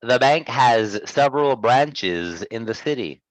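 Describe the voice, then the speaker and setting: A man teaching pronunciation one-on-one, patiently modelling words and gently correcting his student. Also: mid-range voice, lively intonation, slow, no room sound, low-quality recording. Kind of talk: one-on-one lesson.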